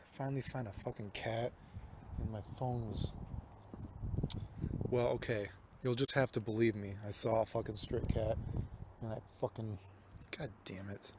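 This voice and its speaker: Fairly low in pitch, a young man's voice carries over background noise as he vlogs casually on his phone while walking city streets at night. He rambles, swears, and says "dude" a lot.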